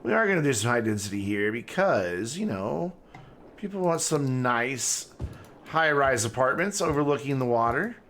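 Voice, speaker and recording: Gravelly, animated male game streamer. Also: medium pitch, normal speed, a little hiss or hum. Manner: joking, rambling, thinking aloud. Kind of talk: casual gameplay commentary.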